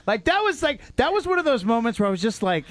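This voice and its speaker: A man who works as a radio DJ, co-hosting a casual podcast and asking rambling, excitable questions. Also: extremely high pitch, quick pace, a crowd in the background. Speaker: co-host, radio DJ.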